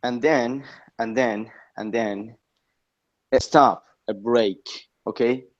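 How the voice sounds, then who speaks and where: A man chatting casually, middle-pitched and rambling, leaning on okay and you know between thoughts. The recording sounds dull and lo-fi. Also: slow. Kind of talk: casual chat.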